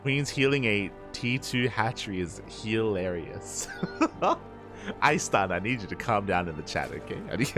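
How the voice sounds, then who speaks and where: A man giving lively play-by-play commentary on a live game as an esports caster, joking and laughing as he talks to the chat. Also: lowish voice, unhurried, over music.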